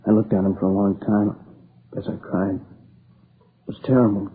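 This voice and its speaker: Guy doing a young man all shook up and near tears, lowish flat voice, tinny old radio with hiss. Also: close to an everyday voice. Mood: grieving. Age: young adult. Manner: shaken, halting, near tears. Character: young man, grieving, exhausted survivor. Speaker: robbery and murder witness. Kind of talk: 1950s radio crime drama acting.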